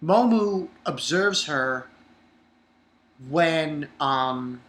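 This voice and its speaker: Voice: mid-range voice, animated, extremely slow, fairly bright tone. An anime reviewer recapping an episode in a rambling, casual way, swearing and using lots of fillers. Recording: roomy echo.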